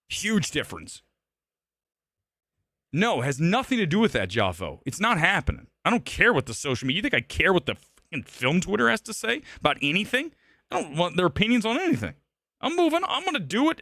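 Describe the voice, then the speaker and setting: A man's voice: fairly high pitch, fairly bright tone, no echo, studio quality. A man hosting a live movie-talk stream, ranting bluntly and combatively with profanity and emphatic repetition. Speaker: live show host. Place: Los Angeles.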